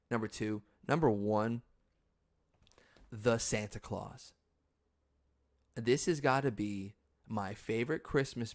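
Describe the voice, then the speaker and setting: Slow-talking excitable male podcast host. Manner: excitable, laughs often, acts out quotes in high voices. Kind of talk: casual solo podcast talk.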